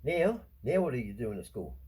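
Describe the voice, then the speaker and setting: A man's voice: medium pitch, sing-song, dark tone, husky, rough recording. A middle-aged Australian man, host of his own show, swearing constantly through a ranting, blunt monologue. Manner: swears constantly, rants, quick to anger. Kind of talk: profane monologue.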